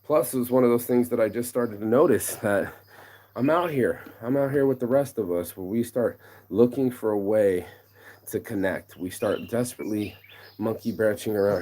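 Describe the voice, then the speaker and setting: A man's voice: fairly low pitch, moderate pace, warm tone, slight background noise. A man ranting in a casual outdoor vlog, rambling and slangy, telling a story with lots of energy. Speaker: vlogger. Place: outdoors among trees.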